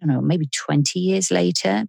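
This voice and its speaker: A woman's voice: sits low, normal speed, creaky, a little mellow, husky, no room sound, clean studio sound. A woman hosting a podcast, asking curious, reflective questions and sharing her own experience. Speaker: podcast host, psychotherapist. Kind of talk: interview conversation.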